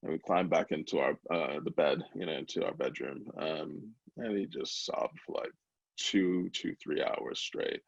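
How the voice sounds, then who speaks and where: A man's voice: very deep voice, unhurried, gravelly, slightly rough, dry recording, muffled recording. A man, founder of a small company, talking candidly in an interview, open and emotional, with many fillers and restarts. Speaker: brownie company founder, guest.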